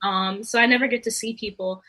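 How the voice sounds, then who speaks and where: A woman tells stories on a podcast in a loose, rambling way, stopping often for fillers and little laughs. Her voice sits high and sounds bright and clear. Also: steady tone, brisk. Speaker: guest comedian. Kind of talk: casual podcast storytelling.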